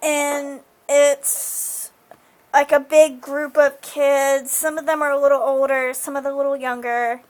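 A woman's voice: high-pitched, level tone, measured pace. A woman casually recapping a TV episode, chatty and full of fillers like "like" and "um". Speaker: show recapper.

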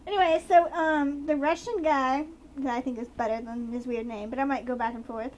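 This woman's high voice is a little mellow, with fairly even intonation and a fairly quick pace. As a podcast co-host with a slight Southern accent, she recaps a TV episode in a rambling, chatty style full of fillers.

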